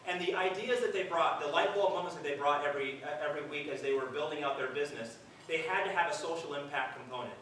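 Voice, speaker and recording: A man's voice: a little high, a bit bright. A middle-aged man with a slightly raised voice gives a speech in a large hall, conversational and earnest with flashes of dry, self-mocking humor. The mic sits well away from him, so the room's heavy echo rings around every phrase. Faint noise runs underneath. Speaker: event speaker. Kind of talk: public speech to an audience. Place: large hall at a live event. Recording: very echoey hall, distant mic.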